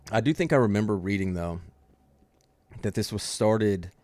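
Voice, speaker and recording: Deep-voiced man joking through a game. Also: lively intonation, moderate pace, a little mellow, dry recording. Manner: joking, rambling, swears. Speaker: streamer playing a game mod. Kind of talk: casual gaming commentary. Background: faint game music.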